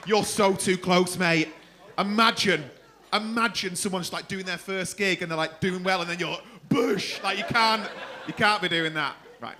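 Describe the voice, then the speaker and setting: A man working the crowd as a comedy club host, brash and teasing, swearing freely. His voice sits high and sounds bright and sharp. He talks from the stage of a comedy club. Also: normal speed, a little hiss or hum. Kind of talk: stand-up crowd work.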